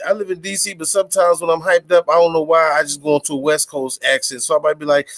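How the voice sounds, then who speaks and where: A man's voice: fairly high pitch, fast, few pauses. Hyped, profane podcast host man. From Washington DC area. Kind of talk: casual chat.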